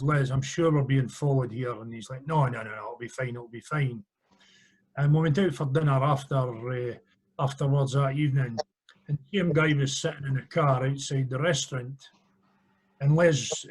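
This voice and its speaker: A man, a former referee, telling relaxed anecdotes in casual chat and laughing at his own stories. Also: mid-range voice, rough recording.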